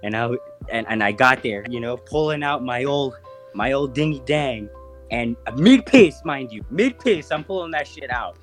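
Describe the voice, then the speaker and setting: A podcast host in his 20s tells a story in a relaxed, profane, animated way, performing the different voices as he goes. He speaks at a moderate pace with a medium pitch, soft music in the background.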